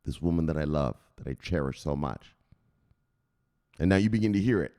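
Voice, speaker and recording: A man's voice: a bass voice, a little fast, in a large hall. A man hosting a crypto news channel, telling a comic story and acting out scenes. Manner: animated, acts out scenes, laughs at own jokes.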